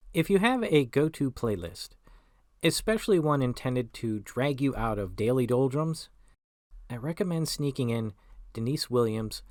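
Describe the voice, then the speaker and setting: A man in his forties hosting a solo podcast. He talks in a wry, self-mocking way, with deadpan asides. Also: mid-range voice, no echo, clean studio sound. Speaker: podcast host.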